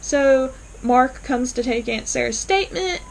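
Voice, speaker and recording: Woman, episode reviewer, casual recap, enthusiastic, many fillers, slightly high voice. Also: expressive, a little slow, creaky, slight background noise, rough recording.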